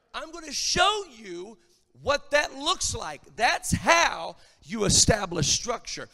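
A man preaching a sermon, emphatic and rising to shouted lines. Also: sits high, creaky, big-room sound. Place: church.

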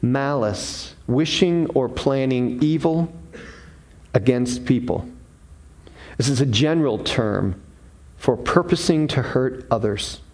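A man preaching a sermon, defining terms one by one with deliberate, emphatic pauses. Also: medium pitch, a little mellow. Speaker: pastor.

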